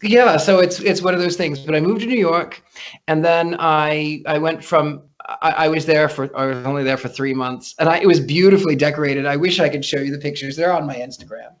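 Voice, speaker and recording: Higher pitched guy rambling thru stories on a dull lo-fi call, keeps restarting. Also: normal speed. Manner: chatty storyteller, frequent restarts. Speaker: guest psychic. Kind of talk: casual interview chat.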